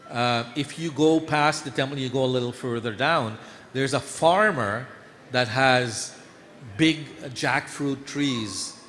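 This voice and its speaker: A temple speaker brings devotional stories to life in a storytelling sermon, with his mid-range voice climbing as he dramatizes each scene. The recording comes from an echoey temple hall with faint background noise.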